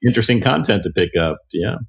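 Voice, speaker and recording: A man speaking as an executive guest on a podcast, easygoing and pausing often with fillers. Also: on the low side, expressive, vocal fry, slightly rough. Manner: easygoing, frequent "uh" pauses. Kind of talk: casual podcast chat.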